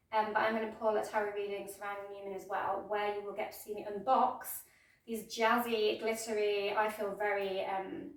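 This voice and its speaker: A woman teaching a casual yoga class, talking in a chatty, rambling way with lots of ums and restarts. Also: medium pitch. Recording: echoey room, voice from far off.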